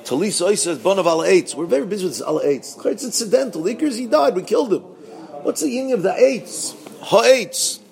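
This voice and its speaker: A man teaching a Purim Torah talk, asking rhetorical questions and answering them, swinging between loud bursts and low asides. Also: very animated, brisk, gravelly.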